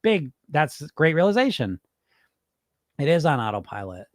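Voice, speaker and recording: On a live stream answering chat comments, the hypnotist podcast host speaks casually and bluntly, cursing and tossing out rhetorical questions. His voice is on the high side and sing-song at normal speed, with clean studio sound and no room tone.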